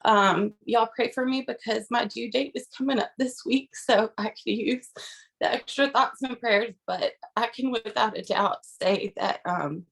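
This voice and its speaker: A woman's voice: on the high side, measured pace, creaky, a bit bright, breathy edge. Earnest woman sharing an emotional testimony. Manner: earnest, emotional, with many fillers. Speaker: team member sharing a testimony. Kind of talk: personal testimony.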